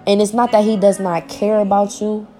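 A woman's voice: mid-range voice, little pitch movement, normal speed, warm tone, faint music behind. A young woman, talking to her viewers in a personal vlog, heartfelt and informal, often repeating herself as she searches for words, close to tears at times.

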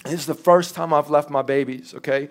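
A man's voice: a little high, fairly even intonation, fast talker. A man, preaching a sermon as a pastor in a candid, conversational way, acting out quotes as he tells stories.

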